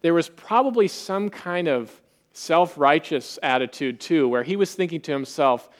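A man preaching a sermon in an animated way, acting out quoted voices with rising emphasis. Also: on the high side, normal speed. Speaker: pastor.

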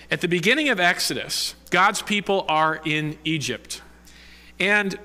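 A man preaching a sermon from the pulpit as pastor, earnest and deliberate, leaning on key words with slow emphasis. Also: high-pitched, pushed and bright, big-room sound.

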